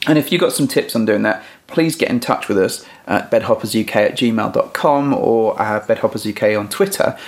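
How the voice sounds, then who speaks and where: A man's voice: on the low side, normal speed, few pauses. A man co-hosting a podcast, chatting casually in a joking, teasing way and often restarting his sentences. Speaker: podcast co-host. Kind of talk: casual chat.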